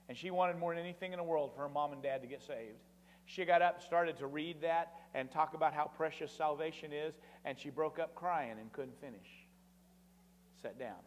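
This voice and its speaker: A man's voice: medium pitch, slight background noise. Man preaching in a reverberant church. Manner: dramatic swings in volume, slow emphatic repetition. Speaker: guest preacher. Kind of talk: sermon with personal stories. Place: church sanctuary.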